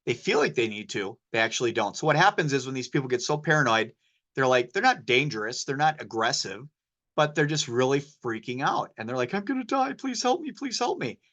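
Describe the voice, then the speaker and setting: A man's voice: medium pitch, animated, brisk, fairly bright tone, muffled recording. Casual-talking man giving a medical lecture. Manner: casual, anecdotal, sprinkles in slang. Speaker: poison control specialist and presenter.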